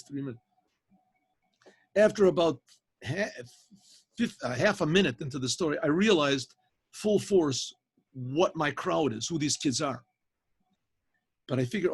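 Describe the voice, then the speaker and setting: Rabbi, male, husky voice, slightly high, storytelling, clears throat often. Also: moderate pace, pauses often. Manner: animated teller, frequent throat clearing and restarts. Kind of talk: spoken storytelling to a class. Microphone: video call.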